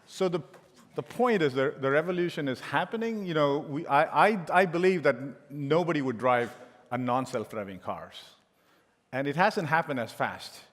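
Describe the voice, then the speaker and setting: A middle-aged man giving a conference keynote as a tech executive, telling joking anecdotes with frequent restarts. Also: mid-range voice. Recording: long hall reverb.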